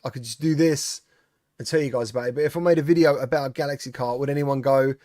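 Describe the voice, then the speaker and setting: A man's voice: medium pitch, fairly even intonation, fast, a little mellow, no room sound, studio quality. A man hosting a casual live-stream chat, greeting viewers by name and answering their comments. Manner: chatty, reads out viewer comments and greets them. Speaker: streamer host.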